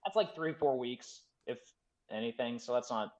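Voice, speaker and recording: A man's voice: mid-range voice, animated, normal speed, lo-fi sound, crowd noise. A man co-hosting a casual sports podcast, rambling and leaning on "like" as he thinks aloud. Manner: rambling, fills with "like". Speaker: podcast co-host.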